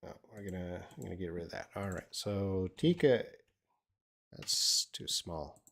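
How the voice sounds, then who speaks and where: An older Australian English teacher's voice sits low and creaky as he unhurriedly responds to viewer questions in a live stream lesson. His speech is relaxed and meandering, peppered with fillers and restarts.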